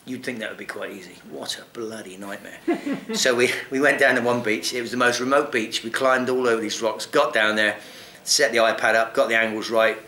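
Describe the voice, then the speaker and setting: A man telling a long anecdote in casual chat, animated, swearing often and laughing. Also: mid-range voice, fairly quick, hardly any pauses, echoey room, slight background noise. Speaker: guest actor. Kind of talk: casual storytelling.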